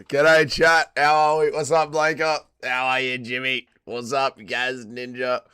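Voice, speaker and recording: A man's voice: medium pitch, level tone, a little slow, sharp tone, smooth, no echo, clean studio sound. An Australian man hosting a casual livestream, chatting and swearing with his viewers while still drunk and tired after a late night. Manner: swearing, laid-back banter with chat. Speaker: livestream host.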